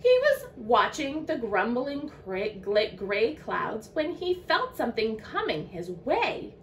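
A woman teacher reading a children's picture book aloud to young listeners, in an expressive storytelling manner. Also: fairly high pitch, slow pace, slight background noise.

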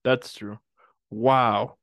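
Dry-voiced host, halting questions. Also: male voice, medium pitch, fairly even intonation, fairly bright tone, no echo. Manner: short reactions, halting questions. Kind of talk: casual interview.

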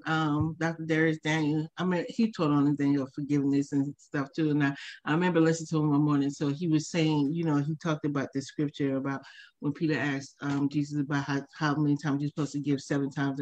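A woman in a faith discussion who responds to the others and retells a teaching she heard. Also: sits low. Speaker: panelist.

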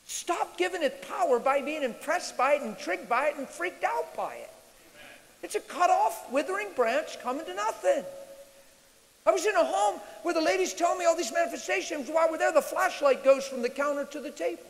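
High, animated male preacher. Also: fairly quick. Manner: animated, shouts and mimics screams. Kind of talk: sermon Q&A. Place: large church hall, live. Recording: reverberant hall with faint hiss.

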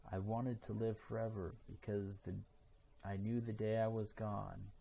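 A man's voice: fairly low pitch, flat delivery, a little slow, vocal fry, dark tone. A man reading the part of a scheming, lonely old ghost master in a taunting tone.

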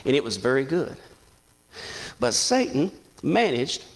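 Preacher, middle-aged man, folksy storyteller, raised voice with a lively swing in pitch. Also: slow, gravelly, long pauses. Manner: storytelling, repeats himself, folksy. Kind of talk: sermon.

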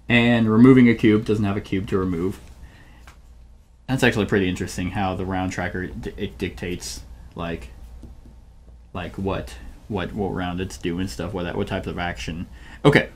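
A man's voice: lowish voice, a little hiss or hum. A man hosting a solo board game playthrough, thinking aloud and often searching for the right word mid-sentence. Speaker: channel host playing a board game solo.

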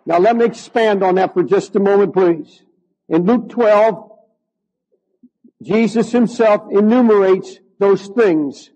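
An older male pastor delivers a sermon in a strikingly high voice. He drags out key words slowly and builds to fervent shouts at the climaxes. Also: dull audio. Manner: slow, drawn-out emphasis.

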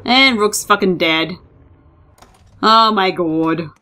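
A woman's voice: mid-range voice, takes it slowly, pushed and bright. A young woman giving casual let's play commentary, laughing constantly, swearing and teasing her companion. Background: game music.

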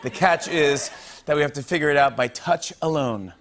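A man's voice: on the high side, moderate pace, fairly bright tone. A male talk show host running a game segment on a studio stage, panicky and giggly, shrieking in disgust. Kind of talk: playful game segment banter.

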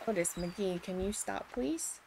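A young woman with a mid-range voice streams a farming game, speaking a little slowly over faint game music and slight background noise. She chats casually about her gameplay, gets sidetracked easily, and pokes fun at herself.

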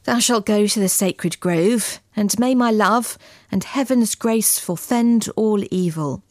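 A woman's voice: mid-range voice, slow pace, a little mellow, dry recording, clean studio sound, natural voice. Solemn young lover, read by a woman. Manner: solemn, tender archaic speech. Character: solemn young male lover bidding farewell.

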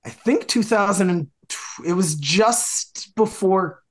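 A man's voice: sits high, lively intonation, slow pace. A man, a podcast guest, telling a long dating story in a casual, rambling way with many fillers and restarts.

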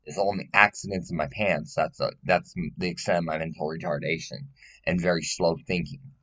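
A man's voice: low-pitched, fairly even intonation, fairly quick, a bit bright. A man speaking in a casual personal monologue, rambling and blunt, swearing often and pleading emotionally.

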